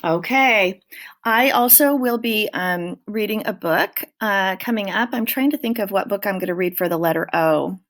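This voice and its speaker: A woman teaching a phonics lesson to young children, speaking slowly and clearly and stretching out sounds in an encouraging way. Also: mid-range voice, a bit bright.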